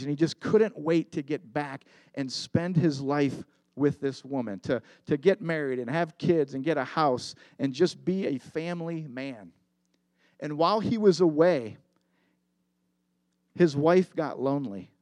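A man's voice: on the high side, a little mellow, dry recording. A middle-aged man preaching a sermon as pastor, earnest and confessional, telling a story with emphatic repetition.

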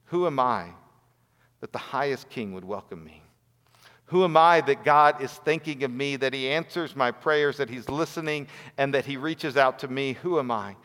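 A man's voice: medium pitch, normal speed, a bit bright. A man preaching a sermon in an earnest voice, building to rhetorical questions. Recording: long hall reverb.

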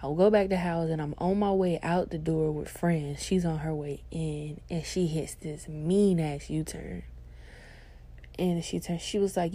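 A young woman podcast host telling a funny story in casual, slangy, profane chat, animated and laughing as she goes. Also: deep voice, normal speed.

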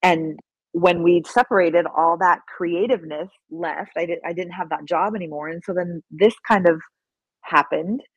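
A woman with a slightly low voice tells an animated story as an interview guest, often acting out other people's lines. The sound is dry and close, with no room around it. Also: moderate pace, breathy edge, dry recording, poor audio. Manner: excitable, acts out quoted dialogue. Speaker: guest filmmaker.

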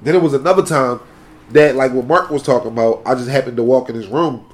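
A young man telling stories in a casual, profane chat among friends, acting out the quotes loudly. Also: medium pitch, quick pace.

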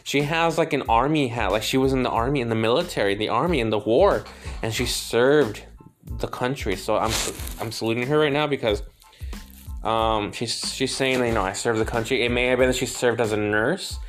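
A man working as a psychic medium, passing on messages in a gentle, halting way, repeating words and laughing now and then. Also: mid-range voice, faint music behind. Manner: emotional, laughs between lines. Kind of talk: spirit reading, relaying messages.

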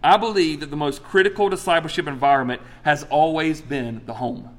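A man in his forties preaching a sermon, telling a personal story with animated swings between loud exclamations and soft, earnest asides. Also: on the high side, a little fast. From United States. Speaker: pastor.

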